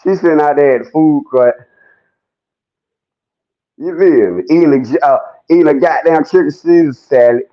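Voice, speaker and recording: A man, giving animated ranting commentary, loud and mocking, swearing often and laughing as he talks. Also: fairly high pitch, moderate pace, pauses often. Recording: dull lo-fi sound.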